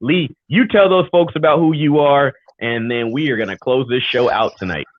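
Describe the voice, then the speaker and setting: A man co-hosting a live show in a loose, rambling way, mid-pitched and easygoing. The audio is thin and phone-like, with a dry, close sound and no room around it. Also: moderate pace, no room sound. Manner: loose, rambling, upbeat sign-offs. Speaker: talk show co-host. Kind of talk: casual live show chat. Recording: tinny phone-like call audio.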